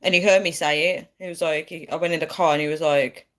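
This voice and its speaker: A woman's voice: sits low, fairly even intonation, fast, slight background noise. A woman chatting casually on a live stream, giggling and reading out viewer comments.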